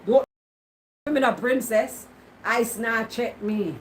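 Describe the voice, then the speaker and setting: A woman's voice: a little high, takes it slowly, a little hiss or hum, low-quality recording. A Jamaican woman vlogging in casual Patois, teasing and answering her viewers' comments. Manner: teasing, talks back to comments.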